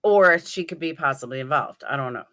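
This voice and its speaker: A woman with a New York accent hosts a casual livestream and talks straight to her chat. Her voice sits a little low, with a bright, tense edge. She thinks out loud and answers viewers by name as she goes. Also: expressive, fairly quick. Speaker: livestream host. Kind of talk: live chat commentary.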